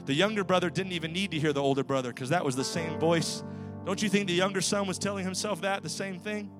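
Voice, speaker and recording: A male pastor preaching a sermon in a church, swinging rhythmically from loud to hushed. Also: sits high, fast, over music. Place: church sanctuary.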